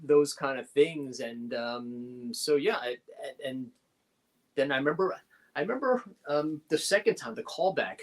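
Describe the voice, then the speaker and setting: A middle-aged man sits in as the guest of a casual interview, his voice at an ordinary middle pitch. He tells animated behind-the-scenes stories, breaking into quick laughs and acting out the lines of others. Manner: animated anecdotes with quick laughs and acted-out quotes. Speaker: guest actor.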